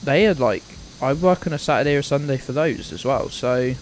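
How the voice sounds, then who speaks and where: A man's voice: medium pitch, expressive, fairly quick, a little hiss or hum. A man in his twenties chatting casually on a live game stream, rambling, swearing now and then and greeting viewers by name. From United Kingdom. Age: 20s.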